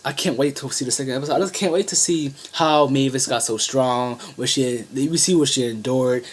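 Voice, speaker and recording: A man in the middle range of pitch talks through an anime episode as an online reviewer. His recap is casual and loosely organized, full of restarts and side comments as he chats to his viewers. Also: brisk, few pauses, breathy edge. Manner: rambling, with frequent restarts and asides.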